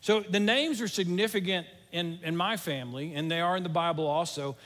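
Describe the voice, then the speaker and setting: A man's voice: sits high, fairly quick, a bit bright, long reverb tail. A middle-aged man, teaching a sermon in a folksy, self-deprecating, conversational way. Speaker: church teacher.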